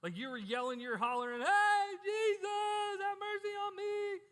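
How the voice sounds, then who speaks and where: A preacher voicing Jesus as an easygoing, warm-hearted man calling out to a beggar in a chummy way. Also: extremely high pitch, moderate pace, voice pushed up. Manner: chummy, calls him "bud", loud and rising. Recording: echoey church hall.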